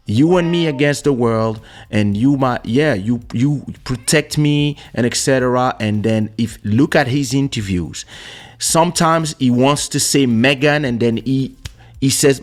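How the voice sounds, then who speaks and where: A man hosting a casual talk show, telling personal stories in an animated way and acting out the voices of the people he quotes, into a studio microphone. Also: mid-range voice, a little slow. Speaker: podcast host. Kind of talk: casual storytelling chat. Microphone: streaming studio microphone.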